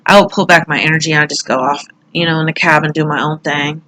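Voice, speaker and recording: A woman's voice: deep voice, fairly even intonation, fast talker, pushed and bright, poor audio. A middle-aged woman talking casually through a tarot reading, chatty and candid, now and then swearing or laughing at herself. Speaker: tarot reader.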